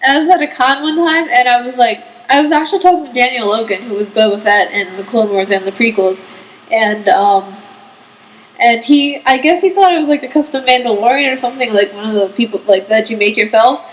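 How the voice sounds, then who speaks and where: Teen girl cohost, high-ish voice, tells stories fast and lively, lots of "like". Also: poor audio. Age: teens. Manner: lively storyteller, acts out quotes, says "like" a lot. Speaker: podcast co-host. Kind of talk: casual chat.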